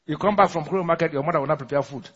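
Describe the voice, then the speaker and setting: A man's voice: fairly high pitch, very fast, a bit bright, slightly rough. A man, preaching a sermon as pastor, asking the congregation questions and laughing often. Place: large church hall. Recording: muffled recording in a large echoing church hall.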